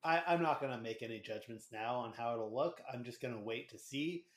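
A man's voice: mid-range voice, a little fast. A man co-hosting a casual sports podcast, talking in a wry, joking way. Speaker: podcast co-host. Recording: roomy echo.

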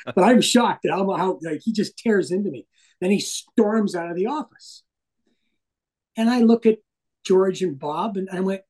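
A middle-aged man, a hockey broadcaster and interview guest, telling stories in a casual, animated way and swearing freely. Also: high-pitched, moderate pace, slightly rough, low-quality recording.

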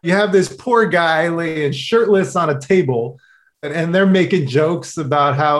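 Man, reporter guest, high voice, casual animated storytelling. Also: a little slow. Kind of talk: interview.

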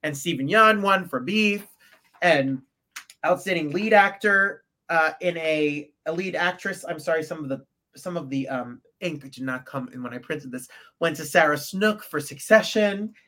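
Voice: mid-range voice, normal speed, pushed and bright. A podcast co-host reading out award winners from printed notes in a casual way, with fillers and stumbles.

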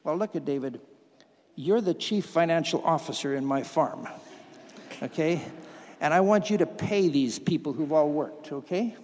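A man preaching a sermon, drawing volunteers from the congregation into a demonstration in a folksy way that builds to loud, emphatic preaching. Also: a little high, expressive, normal speed. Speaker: pastor. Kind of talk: sermon with audience participation. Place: church hall with congregation. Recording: hall reverb.

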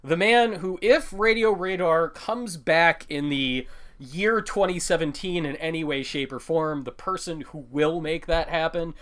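Animated, jokey man co-hosting a podcast. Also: a little high, a little slow. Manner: animated, jokey, laughs often. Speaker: podcast co-host. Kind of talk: casual chat.

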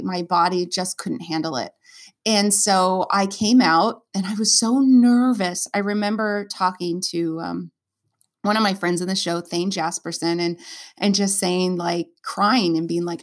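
A woman stage performer speaks as a guest in a relaxed interview. She tells her own story earnestly and openly, emotion close to the surface. Her speech is full of fillers and restarts. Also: mid-range voice, a little slow. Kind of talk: candid conversational storytelling.

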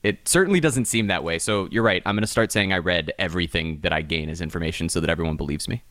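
Man, podcast co-host, slightly low voice, dry close sound, casual rambling chat. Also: quick pace, a bit bright, no echo. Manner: rambling, many restarts and fillers.

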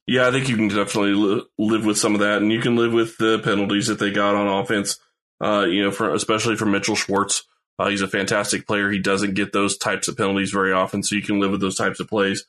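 Low-voiced man giving measured sports analysis. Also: level tone, a bit bright. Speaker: podcast co-host. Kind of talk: casual sports talk.

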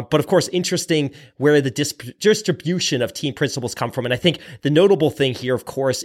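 A man co-hosting a podcast, explaining things in a measured, casual way. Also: medium pitch. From not American. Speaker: podcast co-host.

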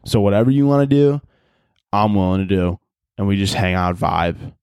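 A man's voice: on the low side, expressive, moderate pace, darkish tone, smooth, dry recording, clean studio sound. A young man hosting a solo podcast, rambling in casual chat, swearing freely and laughing often. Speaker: podcast host.

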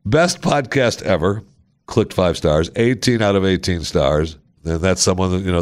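Male podcast host, lowish voice, casual and self-deprecating, playful asides. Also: expressive, unhurried. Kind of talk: casual solo podcast chat reading listener reviews.

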